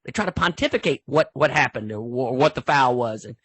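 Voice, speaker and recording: An older man, speaking as a football official in a training talk. His husky voice rambles in a folksy way, with lots of restarts. The sound is close and dry. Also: medium pitch, expressive, brisk, fairly bright tone, dry recording. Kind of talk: storytelling in an online training talk.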